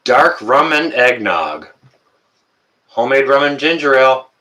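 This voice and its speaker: Bright-voiced Canadian man in his fifties. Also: medium pitch, very animated, a little slow. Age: 50s. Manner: joking, teasing, many fillers and restarts. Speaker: livestream host. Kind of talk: casual live-stream chat with viewers.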